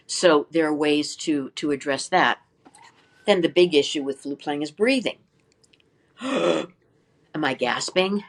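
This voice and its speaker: Speaking in a deep voice, an older flute teacher appears as an interview guest. She walks through practice methods with energy, poses many rhetorical questions, and sings brief syllables as examples.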